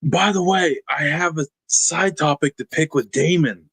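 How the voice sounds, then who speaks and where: A man's voice: on the high side, measured pace, a bit bright, breathy edge, no echo. A man co-hosting a casual podcast, teasing his co-hosts and talking over them in playful banter. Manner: teasing, joking, talks over others. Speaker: podcast co-host.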